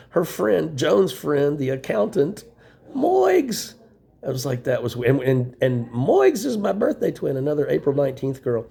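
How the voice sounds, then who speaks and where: Gravelly, husky middle-aged man venting. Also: medium pitch, dark tone. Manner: profane, bitter venting. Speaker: vlogger. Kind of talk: rambling personal monologue. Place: small room in a homeless shelter.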